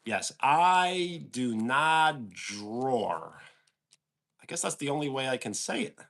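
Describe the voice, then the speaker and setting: A man with a New York accent hosts a relaxed livestream and answers his viewers' comments as they come in. He talks slowly and easily, and his pitch rises and falls a lot. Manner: easygoing, answers chat questions aloud. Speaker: livestream host. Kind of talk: casual chat reading out viewer comments.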